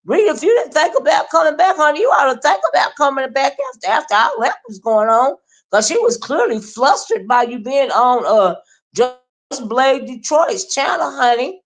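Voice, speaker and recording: A woman's voice: sits high, expressive, normal speed. Chatty, meandering woman streamer. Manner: chatty, meandering, with many fillers; loud mocking imitations, laughing. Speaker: commentary streamer. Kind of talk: casual commentary monologue.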